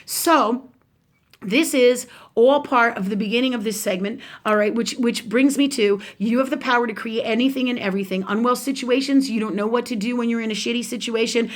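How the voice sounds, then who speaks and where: A woman's voice: on the high side, fairly quick. A woman giving a live spiritual talk, emphatic and rambling, with casual swearing. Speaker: spiritual teacher.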